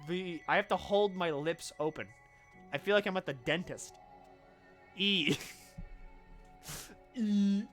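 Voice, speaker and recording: A man's voice: fairly high pitch, normal speed, fairly bright tone, faint music behind. A male streamer chatting and joking while playing a game, at times talking without moving his lips. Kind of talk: casual let's play commentary.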